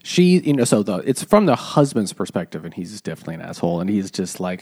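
A man in a casual book chat, retelling the plot with lively pitch jumps when he quotes characters. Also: quick pace, hardly any pauses. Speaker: podcast co-host.

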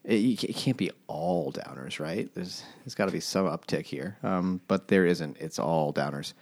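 Male podcast co-host, very deep voice, relaxed recapping. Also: normal speed. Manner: laid-back summarizing with many fillers. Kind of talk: casual book chat.

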